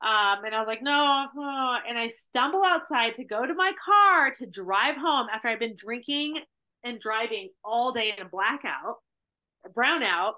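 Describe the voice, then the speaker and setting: Bright, animated woman telling a story. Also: fairly high pitch, normal speed. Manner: animated storytelling, heavy use of "like". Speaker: podcast guest. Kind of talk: casual chat.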